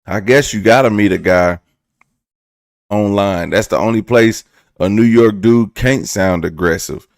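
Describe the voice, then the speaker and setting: Low gravelly dude ranting on his storytime vlog, dry close mic. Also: unhurried, no room sound. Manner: loose and joking, breaks into laughs, mimics voices. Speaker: vlog host. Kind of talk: casual storytime commentary.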